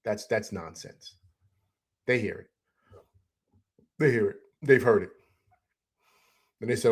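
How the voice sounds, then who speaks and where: A young adult man hosting a casual postgame livestream, breaking down highlights and greeting viewers in an excited, chatty way that is full of fillers. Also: slow pace, pauses often, breathy edge. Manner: excited, animated, repeats "man" and "you know what I'm saying". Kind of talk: casual sports commentary over highlights.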